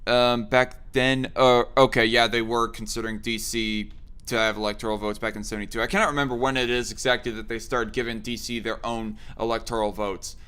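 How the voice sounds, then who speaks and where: A man's voice: mid-range voice, little pitch movement, fairly quick, a bit bright, clear, resonant tone. A man hosting a casual political chat, thinking aloud with many fillers and restarts. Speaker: host.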